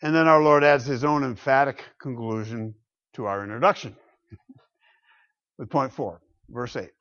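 A man preaching a sermon, emphatic, swinging between loud exclamations and quiet low asides. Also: measured pace, pauses often, lo-fi sound.

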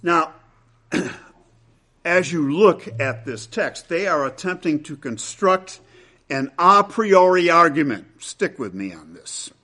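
Male preacher, fairly high voice, very animated pitch, emphatic sermon delivery. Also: slow. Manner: dramatic, emphatic delivery with big swings between loud and hushed.

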